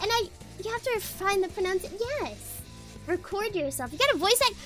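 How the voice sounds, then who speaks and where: A woman's voice: extremely high pitch, big pitch swings, fairly quick, music in the background. A young woman streamer in casual chat, rambling and giggling often as she talks.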